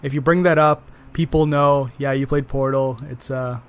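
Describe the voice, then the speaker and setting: A man's voice: medium pitch, fairly even intonation, normal speed. A man co-hosting a casual podcast, speaking eagerly about games and repeating words as he thinks. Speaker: podcast co-host. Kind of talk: casual game discussion.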